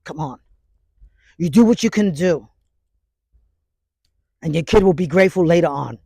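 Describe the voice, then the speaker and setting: A man's voice: fairly high pitch, expressive, normal speed, gravelly, mellow, dry recording. A man in his fifties with a New York accent, talking bluntly outdoors in the snow into a phone held by someone else. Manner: blunt, street-slang preachy talk. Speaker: martial arts instructor. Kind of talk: casual outdoor monologue. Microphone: phone held by another person.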